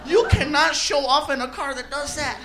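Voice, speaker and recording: A man telling a stand-up story in an animated way, chuckling through his own lines. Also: extremely high pitch, moderate pace, echoey room, noisy background. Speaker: stand-up comedian.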